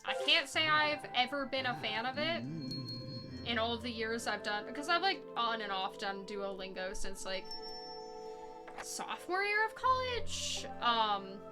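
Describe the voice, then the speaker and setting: A young woman speedrunner streams a game, chatting casually and rambling with lots of fillers over background game music. Her pitch is lively, though her pace is unhurried.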